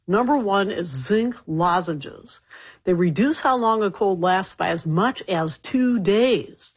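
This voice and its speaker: A woman doctor, still getting over a cold, explaining health facts clearly and emphatically as a radio guest. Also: mid-range voice, lo-fi sound. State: recovering from a cold.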